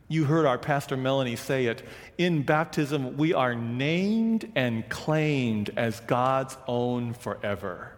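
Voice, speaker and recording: Man, sermon, lively talk, slows for scripture, slow pace, reverberant sanctuary. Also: medium pitch. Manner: animated, conversational preaching that slows for quoted scripture. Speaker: preacher. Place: large church sanctuary. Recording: long reverb of a big hall.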